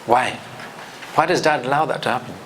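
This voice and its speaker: Speaking briskly in a mid-range voice, a man delivers a lively scripture commentary lesson, performing quoted speech and reciting Arabic verses, with a bit of background noise present.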